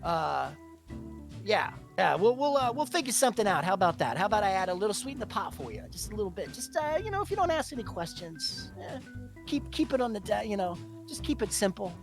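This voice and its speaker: Pria memerankan pedagang licik bernama Frankie. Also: male voice, high voice, sing-song, brisk, creaky, over music, heavily acted. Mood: wheedling. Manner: wheedling, stammering, full of fillers. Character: shady male shopkeeper, wheedling and greedy.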